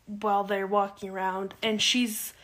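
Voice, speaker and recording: Chatty woman recapping with animated retelling. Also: medium pitch, unhurried. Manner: animated storytelling, acts out quotes. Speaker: podcast co-host. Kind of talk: casual TV recap chat.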